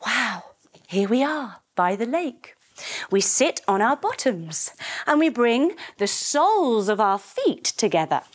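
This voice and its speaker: A woman leading a children's yoga story, telling it in an animated way with playful sound effects. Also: fairly high pitch. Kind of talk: guided kids' yoga story.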